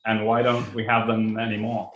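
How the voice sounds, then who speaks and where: A man hosting a podcast, introducing his guest calmly with many ums and soft hedging phrases. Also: on the low side, normal speed, muffled recording. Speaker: podcast host. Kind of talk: casual interview. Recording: echoey room.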